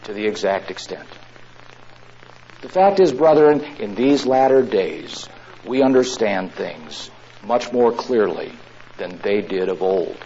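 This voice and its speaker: A man's voice: on the low side, animated, takes it slowly, warm tone. A man preaching a sermon, emphatic, who repeats his key lines for stress. The recording sounds dull and lo-fi, with faint noise behind him.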